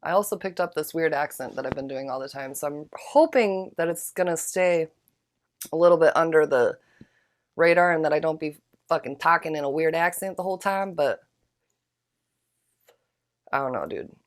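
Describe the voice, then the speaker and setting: A young woman hosting her own podcast solo, chatting in a slangy, profane, laid-back way after leading a slow guided breathing. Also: low-pitched. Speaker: podcast host.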